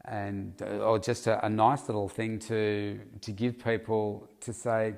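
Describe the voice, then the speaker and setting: A middle-aged man with a fairly low voice talks through a solo podcast episode. He speaks loosely and conversationally, circling back with fillers and false starts as he works through his thoughts. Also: level tone, unhurried, creaky. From Australia. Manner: casual and rambling, with frequent fillers and restarts. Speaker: podcast host, health coach.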